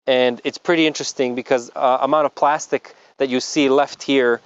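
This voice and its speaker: A man's voice: mid-range voice, steady tone, moderate pace, clean tone, lo-fi sound. A man working as a motorcycle tour guide, telling the story of a crash in earnest vlog narration outdoors on a mountain road. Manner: earnest storytelling, explains carefully.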